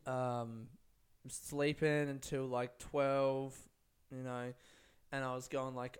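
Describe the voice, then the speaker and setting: Swearing, rambling young man with a smooth voice. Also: mid-range voice, little pitch movement, slow pace. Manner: rambling, laid-back, heavy swearing. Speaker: stand-up comedian and podcast host. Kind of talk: casual solo podcast monologue. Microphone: podcast microphone.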